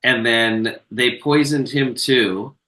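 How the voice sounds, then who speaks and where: Podcast guy retelling a movie, loose and sweary, bright voice, kinda far off the mic in a roomy space. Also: medium pitch, fairly even intonation, slow pace. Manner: laid-back, profane storytelling with filler words. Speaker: podcast co-host. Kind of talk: casual chat recapping a film.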